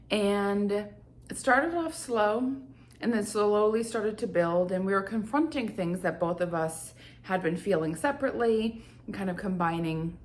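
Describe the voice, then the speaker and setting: Earnest woman host telling a story. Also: fairly low pitch. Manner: earnest, reflective, slows down on feelings. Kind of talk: personal storytelling talk.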